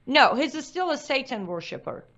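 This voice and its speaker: High-voiced woman speaking with firm emphasis. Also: sing-song, normal speed, fairly bright tone. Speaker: guest commentator. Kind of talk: talk show discussion. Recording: dull lo-fi sound.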